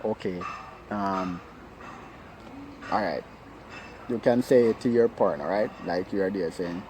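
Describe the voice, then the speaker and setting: A man's voice: sits low, takes it slowly, noisy background. A man giving informal advice on marriage, talking earnestly and repeating himself, often checking in with "right?". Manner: earnest, repetitive, keeps asking "right?". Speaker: relationship speaker.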